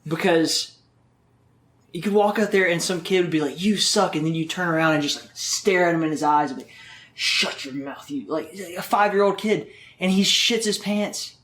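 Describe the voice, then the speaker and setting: A man's voice: high voice, moderate pace, fairly bright tone, reverberant. A man chatting as a podcast guest, telling rambling stories full of swearing. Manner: profane, rambling storyteller. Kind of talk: casual interview chat.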